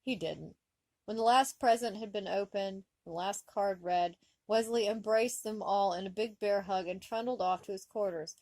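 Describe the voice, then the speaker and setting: A woman reading fan fiction aloud, with expressive comic narration. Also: mid-range voice, normal speed, no room sound. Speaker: story reader.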